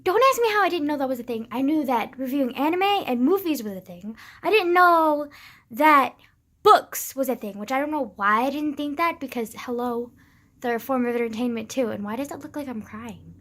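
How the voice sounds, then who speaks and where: A young woman vlogging to her camera, rambling excitedly, laughing often and swearing a lot. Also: high voice, brisk. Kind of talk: casual rambling vlog.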